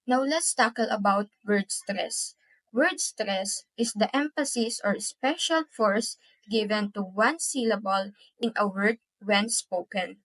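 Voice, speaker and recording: A woman's voice: mid-range voice, slow, no room sound, rough recording. A young woman giving a class presentation on pronunciation, saying each example word twice, syllable by syllable. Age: young adult. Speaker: student presenter.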